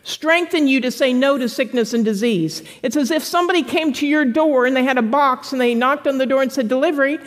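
A woman pastor preaching an animated sermon to a congregation, slipping into playful voices for quoted people. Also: sits high, a little fast, few pauses, long reverb tail. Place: church sanctuary with congregation.

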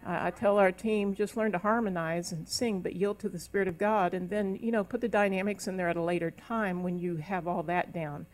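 A woman's voice: lowish voice, steady tone, brisk, hardly any pauses. Woman minister, middle-aged, sermon in church, emphatic preacherly delivery, bursts of tongues. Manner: preacherly, speaks in tongues, rises into emphatic calls. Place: church service.

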